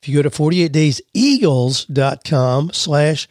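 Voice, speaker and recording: A man with a slightly high, slightly mellow voice hosts a career podcast, animated but at a measured pace. Chatting casually and often saying "you know" and "well," he explores how emphasis changes meaning. The studio sound is clean with no echo.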